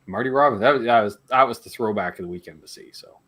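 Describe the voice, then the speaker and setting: A man's voice: medium pitch, fast talker, fairly bright tone. A man in his forties from Canada, hosting a live guitar Q&A stream in casual, jokey chat. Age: 40s. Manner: rambling and jokey, laughs between remarks.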